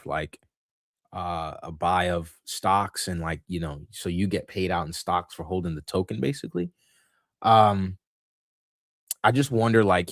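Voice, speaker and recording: A man with a very low, deep voice talks through a market livestream in a loose, rambling way, full of fillers and restarts. The sound is dry and close, with hardly any room around it. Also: no echo. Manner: rambling, thinks aloud with many fillers and restarts. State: has the hiccups. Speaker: livestream host. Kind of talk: casual market commentary livestream.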